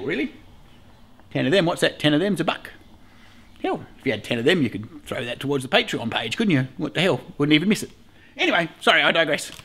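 A man's voice: on the high side, creaky, fairly bright tone. A middle-aged Australian man hosting a casual beekeeping vlog, rambling along, swearing freely and laughing often. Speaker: beekeeper host.

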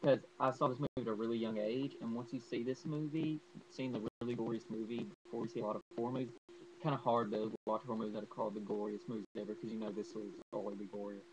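A man's voice: fairly low pitch, flat delivery, quick pace, lo-fi sound, crowd noise. Rambling young man reviewing a horror film. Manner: rambling, enthusiastic, many fillers like uh and like. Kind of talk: casual movie review vlog.

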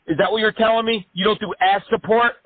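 A man putting on a whiny, aggrieved caller who piles on crude complaints. His husky voice sits high and comes over a narrow, phone-like line. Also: steady tone, quick pace, no echo. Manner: exaggerated complaining, crude jokes.

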